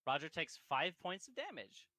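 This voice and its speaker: A man serves as game master for a tabletop game, laughing and swearing as he narrates. His voice is bright and forward, and the dry, close recording has almost no room sound. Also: fairly high pitch, very animated, moderate pace, dry recording. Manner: casual, laughing, swears freely.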